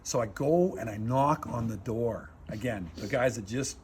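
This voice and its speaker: A man's voice: mid-range voice, normal speed, heavy background noise. Rambling man telling a war story. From Canada. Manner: rambling, animated, many fillers, swears. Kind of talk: casual storytelling in an interview. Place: outdoors in a war zone.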